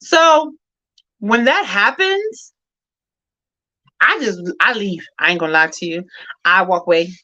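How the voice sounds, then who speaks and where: A woman's voice: medium pitch, expressive, unhurried, pauses often, sharp tone, highs cut off. A middle-aged woman hosting a grief discussion in casual, heartfelt chat, candid and rambling with many fillers and restarts. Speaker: host of a women's grief discussion.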